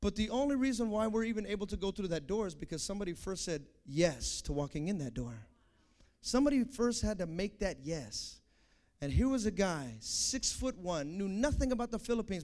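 A young male preacher with a strikingly high voice delivers an impassioned sermon. He builds to fervent shouts, then drops to a hushed, confessional tone. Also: expressive, brisk.

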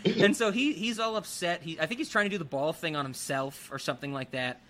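A man's voice: on the high side, fairly quick. A man casually recapping a movie, acting out characters' lines as he goes. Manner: animated, acts out characters' lines. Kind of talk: casual film recap chat.

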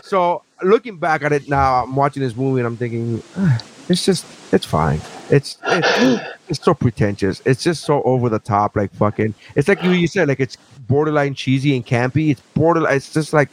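A man in his forties holds forth on a podcast in casual chat, swearing freely and ranting with animated, mocking energy. His voice sits at an ordinary mid pitch for a man. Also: normal speed, a little hiss or hum. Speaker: podcast host.

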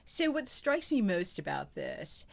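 A woman speaks in a fairly low voice. As a podcast co-host, she talks about poetry in an earnest, reflective, conversational way. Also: big pitch swings, measured pace, vocal fry.

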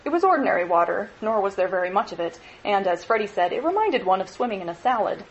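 A woman lecturer reading a novel aloud in an expressive, measured way. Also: medium pitch, dull audio, slight background noise.

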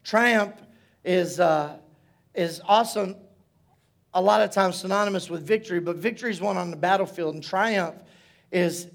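A man preaching as pastor in a church service, telling stories with playful asides and building to loud shouts. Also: sits high, normal speed, gravelly, long pauses. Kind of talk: sermon.

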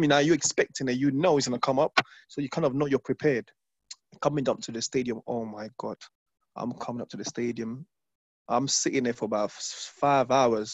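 A man from London, a former footballer, telling stories in an interview, animated and repeating phrases as he acts out his past self. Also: mid-range voice, slightly rough, no echo. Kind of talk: casual interview storytelling. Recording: dull lo-fi dry sound.

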